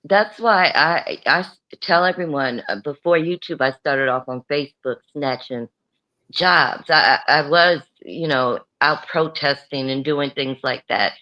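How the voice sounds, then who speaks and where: A woman's voice: deep voice, a little slow, pushed and bright, highs cut off. A woman speaking as an activist guest on a live-stream chat, outspoken and unapologetic.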